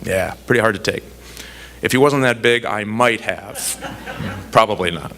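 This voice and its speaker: His voice is on the low side and a bit bright, delivered at a measured pace with a little hiss or hum. An American man, he's giving a foreign policy speech full of storytelling, humorous self-deprecating asides, and emphatic phrases repeated to build his point.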